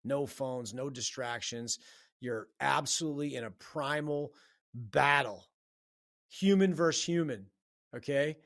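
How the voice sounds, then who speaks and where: A man's voice: mid-range voice, unhurried, fairly bright tone, no echo, studio quality. A man hosting a solo podcast, giving a blunt, profane, fired-up pep talk. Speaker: podcast host. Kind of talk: solo motivational podcast monologue.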